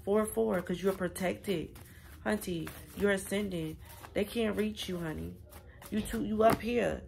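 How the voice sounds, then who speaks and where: A woman's voice: mid-range voice, unhurried, vocal fry, noisy background. A woman giving a casual spiritual reading, chatty and affirming, speaking straight to her viewers. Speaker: tarot reader.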